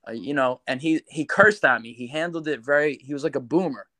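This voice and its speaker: A man from New York, a podcast guest telling a long story in casual, animated talk, swearing a lot. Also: medium pitch, brisk, dry recording. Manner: animated, swears a lot, acts out quoted voices.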